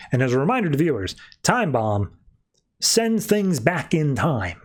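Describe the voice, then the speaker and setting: Male podcast host, casual comic recap, tosses in quick character voices. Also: a little high, sing-song. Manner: retells scenes by acting out quick character voices.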